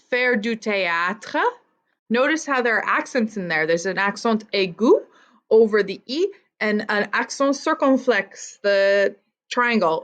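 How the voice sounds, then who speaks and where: A woman teaching a vocabulary lesson to students, with slow repeat-after-me drilling. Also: mid-range voice, fairly bright tone. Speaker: French teacher.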